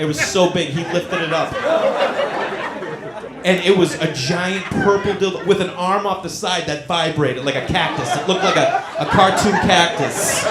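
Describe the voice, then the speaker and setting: A middle-aged man telling a stand-up story on a comedy club stage, animated and acting out the voices of the people in it. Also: high-pitched, heavy background noise. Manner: animated, acts out quoted voices. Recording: roomy club with loud crowd. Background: audience laughter.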